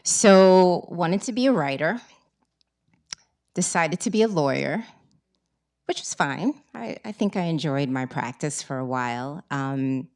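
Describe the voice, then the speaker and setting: A woman, an author, reading from her book and then telling a lively story about her start as a writer. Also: sits low, a little slow. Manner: lively storytelling, animated quoting. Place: bookstore event.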